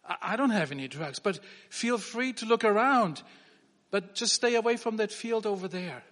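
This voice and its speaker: A flustered old farmer, as a man puts him on while telling a joke. The voice is high and anxious. A long hall reverb trails behind it. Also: expressive, normal speed, a bit bright.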